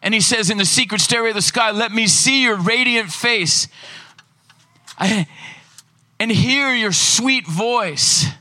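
A man preaching a lively sermon in a high, bright, forceful voice. He reads scripture aloud and acts out short bits of dialogue, sometimes rushing ahead and sometimes slowing right down. His delivery stays animated and emphatic throughout. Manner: animated, fast and slow in turns, acts out voices.

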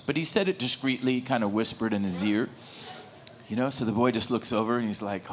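A middle-aged man preaching a sermon, telling a story with lots of rambling asides and animated bursts. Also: medium pitch, fairly quick. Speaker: pastor.

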